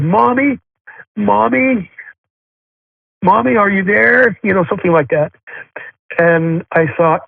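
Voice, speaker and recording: An earnest middle-aged man recounts his story in a fairly high voice, pausing often and restarting his sentences. The sound is thin and tinny like a phone call, with no room sound around him. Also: no room sound. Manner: halting, with frequent fillers and restarts; earnest and heartfelt. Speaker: guest sharing a spiritual experience. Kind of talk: personal storytelling. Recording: tinny dry phone line.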